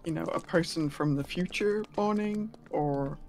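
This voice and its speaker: A woman's voice: sits low, unhurried, darkish tone. A woman co-hosting a live game stream, chatting casually with playful teasing and frequent laughter.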